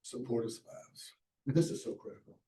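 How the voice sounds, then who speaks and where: A man's voice: normal speed, warm tone. A middle-aged man giving a masterclass talk, telling his story in a folksy way and acting out the lines people said to him. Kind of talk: storytelling lecture to a live audience. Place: lecture hall. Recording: echoey hall, mic at a distance.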